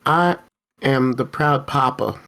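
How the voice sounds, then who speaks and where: A man voicing an eccentric, effusive male traveler who talks slowly and gushes about rare creatures. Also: medium pitch, creaky, sharp tone, exaggerated voice. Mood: gushing. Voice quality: slow, drawn-out, gushing.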